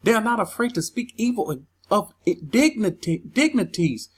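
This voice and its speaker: A husky, slightly breathy voice reads scripture verses aloud and then argues over them. The speaker is emphatic and heated, and often stumbles and restarts mid-sentence while pressing each point. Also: medium pitch, big pitch swings, moderate pace. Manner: agitated, stumbles over words. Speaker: Bible teacher.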